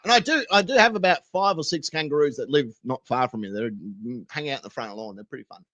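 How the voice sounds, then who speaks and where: A man with an Australian accent, streaming and ranting crudely, swinging between loud outbursts and low mumbles. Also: quick pace, dull audio. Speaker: streamer reacting to videos. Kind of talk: crude comedic rant.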